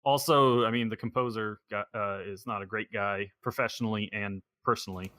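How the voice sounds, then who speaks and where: A man's voice: lowish voice, steady tone, brisk, sharp tone, no room sound. Rambling man hosting a podcast, dry sound. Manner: rambling, thinking aloud. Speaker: podcast host. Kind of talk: casual podcast chat.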